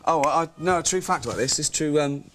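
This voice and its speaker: Deadpan English man, noisy TV audio. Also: on the high side, quick pace. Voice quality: deadpan, blunt, mock-ignorant. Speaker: comedy news presenter. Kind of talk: deadpan comic monologue.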